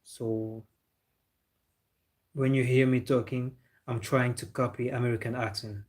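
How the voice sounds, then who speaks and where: Young guy on his livestream, flat-ish voice, chatty, laughs a lot answering chat. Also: mid-range voice, unhurried. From Senegal. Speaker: football livestream host.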